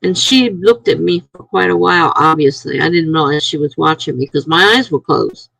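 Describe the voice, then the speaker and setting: A woman's voice: sits low, animated, moderate pace, creaky, fairly bright tone, husky, no echo, rough recording. A woman chatting casually on a live stream, telling a rambling story to her viewers and sounding tired.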